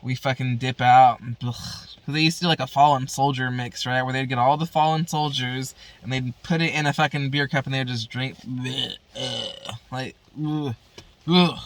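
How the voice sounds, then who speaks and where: A woman's voice: rumbling low, steady tone, fairly quick. Crude, rambling woman vlogger. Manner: crude, profane, rambling with constant fillers. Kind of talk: casual storytelling chat.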